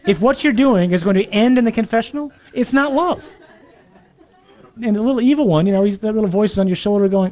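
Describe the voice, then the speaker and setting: Mellow, emphatic male preacher. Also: sits high, quick pace. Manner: conversational and emphatic with dry humor. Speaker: priest. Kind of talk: sermon to young adults.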